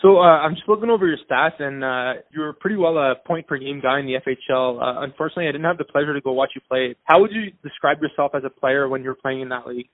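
Quick man asking questions over a phone line. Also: mid-range voice, dry recording. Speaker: interviewer. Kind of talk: casual interview. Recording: tinny phone line, dry.

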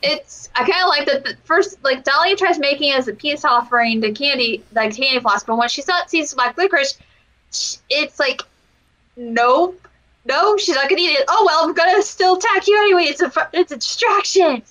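A woman chats through a wrestling match on a casual podcast. Her voice is high and very bright. She rambles and restarts, with lots of fillers. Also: animated, moderate pace, rough recording. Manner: rambling, giggly, full of fillers. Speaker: podcast co-host. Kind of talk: casual chat reviewing wrestling.

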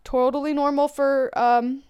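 A woman's voice: high-pitched, little pitch movement, measured pace, darkish tone. A woman host venting bluntly and profanely about a man who let her down, in a confessional rant. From Irish heritage. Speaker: podcast host.

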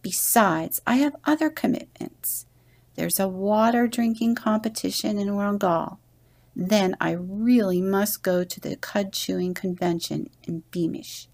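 A woman's voice: mid-range voice, measured pace, vocal fry, darkish tone. A woman voicing a grumpy, proud old male camel who complains of his aches and boasts of his strength. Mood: grumbling.

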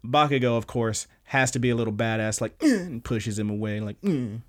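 A young man hosting a podcast, recapping anime episodes in a casual, animated way, swearing often and acting out lines. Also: medium pitch, brisk. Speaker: podcast host.

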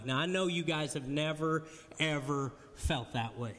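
A man's voice: fairly high pitch, unhurried, fairly bright tone. A man preaching a sermon to a congregation, conversational and joking with the room. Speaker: pastor. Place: church hall before a congregation. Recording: long hall reverb.

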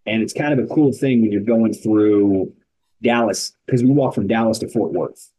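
Energetic man with a dark, husky voice. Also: fairly low pitch, normal speed, poor audio. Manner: energetic, emphatic storytelling in short punchy sentences. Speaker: founder of an endurance rucking organization, guest. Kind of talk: casual podcast interview.

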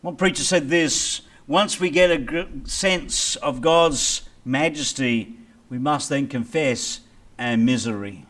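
A man preaching a sermon as pastor, reading scripture and building to loud dramatic peaks before dropping low. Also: slow pace. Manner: dramatic preaching with big swings in loudness.

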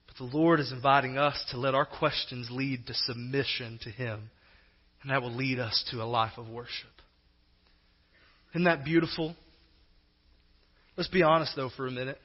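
A male pastor preaching a sermon in a conversational, animated way, acting out quoted voices now and then. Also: mid-range voice, husky, lo-fi sound.

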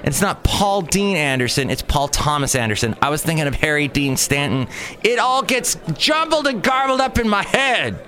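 A man's voice: a little high, big pitch swings, moderate pace, bright, forceful tone. A man hosting a solo podcast, talking in a rambling, jokey way that drifts from topic to topic. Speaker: podcast host.

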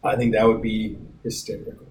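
A man's voice: lowish voice, monotone, brisk, a little mellow, rough recording. A man co-hosting a podcast in casual chat, joking and laughing as he riffs on absurd ideas. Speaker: podcast co-host.

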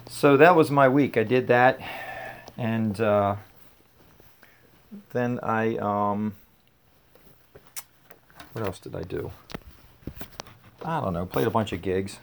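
A man with a lowish voice hosts his own podcast. He talks loosely and casually. He drifts between thoughts with fillers and restarts. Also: slow, gravelly, long pauses, slight background noise. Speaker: podcast host. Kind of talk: casual rambling chat.

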